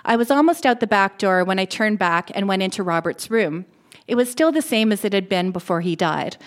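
Woman reading a dark story aloud. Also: mid-range voice, lively intonation, a little fast. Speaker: reader.

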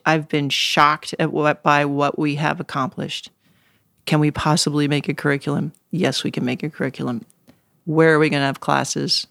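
A woman's voice: low-pitched, smooth, no room sound. Earnest, reflective woman, dry close sound. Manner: earnest and reflective, with breaks for laughter. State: choked up at times. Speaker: interview guest. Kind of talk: casual interview conversation.

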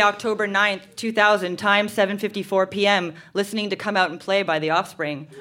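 A woman's voice: medium pitch, sharp tone, a little hiss or hum. A young woman reading her teenage diary aloud at a live show, wry and laughing through it. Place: live venue stage.

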